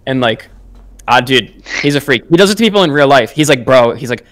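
A man's voice: medium pitch, expressive, brisk, a bit bright. A young man co-hosting a podcast, telling a long story in casual chat with lots of filler words and slang. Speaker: podcast co-host.

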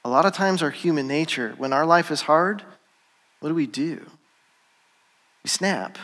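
A man's voice: fairly high pitch, unhurried, a bit bright. Man preaching in a reverberant church. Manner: conversational storytelling, acting out quoted voices. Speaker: pastor. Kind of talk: sermon. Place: church sanctuary.

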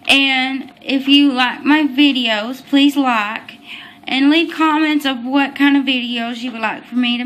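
A young woman with a high voice talks slowly through a casual home vlog. She chats easily, apologizes often, and stumbles over her words now and then. A faint hum of room noise sits behind her. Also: fairly bright tone. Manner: chatty, apologetic, gets tongue-tied. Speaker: vlogger. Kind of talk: casual baby-name vlog.

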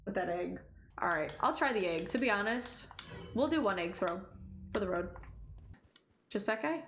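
A woman's voice: mid-range voice, expressive, moderate pace, a bit bright, roomy sound, faint music behind. A young woman streaming a horror game, chatting with viewers and shrieking at the scares. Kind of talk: live game commentary.

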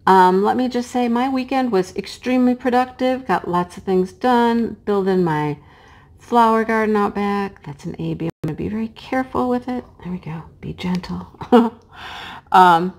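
A middle-aged woman chatting casually while she crafts, her voice hoarse and cracking, sometimes dropping to a hush as she works. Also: mid-range voice, moderate pace. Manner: chatty and homey, drops to a hush while placing pieces. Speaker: crafting vlogger and teacher. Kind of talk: casual chat while diamond painting.

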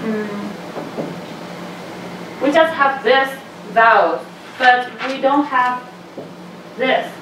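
A woman's voice: sits high, very slow, pauses often. A woman teaching a language class, patiently explaining step by step and modeling the sounds for her students. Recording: echoey room from a distance, faint noise.

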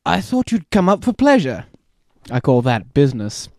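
A man reading aloud as a witty, idle young gentleman in a classic comedy of manners, in a theatrical, arch manner. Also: on the high side, huge pitch swings, moderate pace, noisy background.

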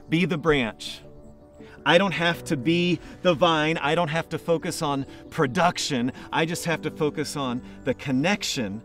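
A man's voice: a little high, a bit bright. A man preaching a sermon as pastor, telling stories and building emphasis by repeating phrases.

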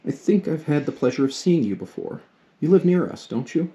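A man voicing a lively, frank teenage girl, eager and a little awkward, as he reads a storybook aloud. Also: on the high side, fairly quick, pitched above the performer's own voice, lightly acted. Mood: friendly.

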